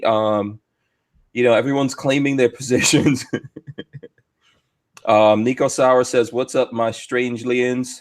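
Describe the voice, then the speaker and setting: Man hosting a podcast, casual live chat, jokey and upbeat, laughs a lot, mid-pitched voice. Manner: jokey, lively, laughs often. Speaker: podcast host.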